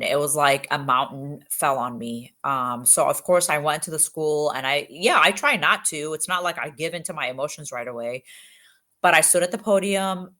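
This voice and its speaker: A woman police officer from Egypt, telling her stories in an interview with earnest emphasis and quick bursts of speech. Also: sits low, pushed and bright. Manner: earnest, emphatic, fast bursts with many fillers. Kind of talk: candid interview storytelling.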